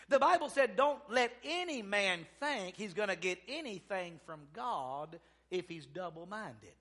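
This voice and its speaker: A man preaching a sermon as pastor, calling out amens, dropping low and quiet then rising loud. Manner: preaching with call-and-response amens, swinging from soft to loud.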